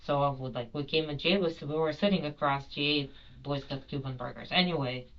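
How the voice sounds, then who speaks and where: A woman's voice: deep voice, fairly quick, a bit bright, muffled recording. A woman giving a rambling, apologetic account in a police interview, full of fillers. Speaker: detained airline passenger.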